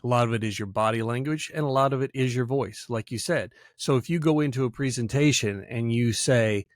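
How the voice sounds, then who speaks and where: A man hosting a casual podcast interview, relaxed and gently teasing his guest. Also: medium pitch, fairly quick, few pauses, dry recording, clean studio sound. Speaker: podcast host.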